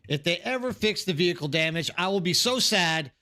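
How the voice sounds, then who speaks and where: A man's voice: high voice, expressive, fairly quick, sharp tone. A man streaming a game live, chatting casually and rambling to his viewers, calling them by name.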